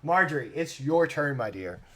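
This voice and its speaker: A man narrating a tabletop game as game master, playful and quick to laugh. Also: fairly high pitch, expressive, fairly bright tone.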